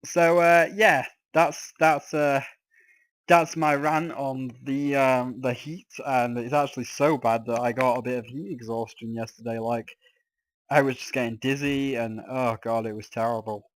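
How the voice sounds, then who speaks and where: A man's voice: medium pitch, little pitch movement, unhurried, dry recording. A man with a slightly sore throat, ranting and swearing in exasperation while giving casual gameplay commentary as a let's play host. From England.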